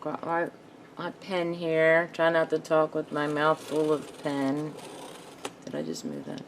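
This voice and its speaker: Woman craft host, low voice, slow unhurried delivery, thinking aloud at her craft table, faint noise behind. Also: sing-song. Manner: thinks aloud while working, self-talk. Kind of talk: casual craft tutorial narration.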